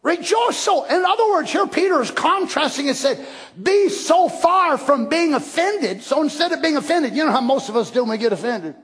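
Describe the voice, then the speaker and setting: Preacher, man, very high-pitched, animated, shouting bursts, folksy asides. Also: normal speed. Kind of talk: Pentecostal-style sermon.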